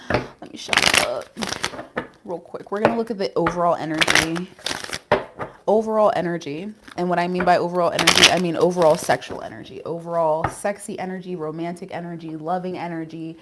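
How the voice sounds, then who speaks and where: A woman doing a casual live tarot reading, chatty and candid, with casual swearing and quick giggles. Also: fairly low pitch, heavy background noise. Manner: emotional and giggly. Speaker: tarot reader.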